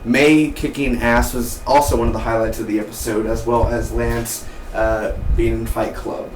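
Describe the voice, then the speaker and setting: An excitable man rattles through a TV episode review in loose slang. His mid-range voice sits a little away from the mic in a roomy space. A faint hum of ambience sits under it. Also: medium pitch, normal speed, distant mic. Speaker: TV show reviewer.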